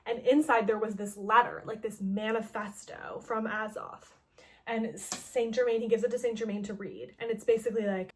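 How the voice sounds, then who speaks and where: A woman's voice: fairly high pitch, expressive. A woman casually recapping a story game, chatty and peppered with "like", paraphrasing characters as she goes. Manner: chatty, heavy use of "like", quoting characters in quick paraphrase. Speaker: gaming video host.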